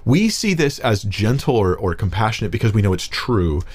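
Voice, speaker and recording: A man, a pastor, explaining a Bible passage in a casual, conversational way, reading verses aloud and getting animated when he paraphrases. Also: fairly low pitch, normal speed, husky.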